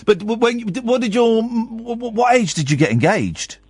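A man's voice: extremely high pitch, brisk, slightly rough, no echo. A man in his forties hosting a radio phone-in, joking and teasing the caller as they chat. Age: 40s. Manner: joking, animated, laughs and teases a lot. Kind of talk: casual chat.

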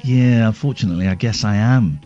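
A man's voice: lowish voice, brisk, dark tone, faint music behind. A man hosting a radio show from home, joking and teasing, rambling with lots of fillers. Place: home, with kids nearby. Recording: muffled remote radio sound.

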